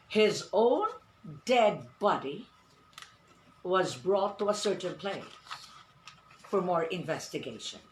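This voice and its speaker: A woman giving an online pronunciation lesson, speaking deliberately, repeating words and asking the class questions. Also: fairly low pitch, a little hiss or hum. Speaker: English teacher. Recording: roomy echo.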